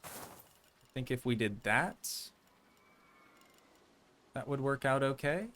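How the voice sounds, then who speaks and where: Faint music sits under this casual game livestream, where a man with a medium-pitched, fairly bright voice talks slowly. He plays a park-building game and chats playfully with viewers in rambling asides.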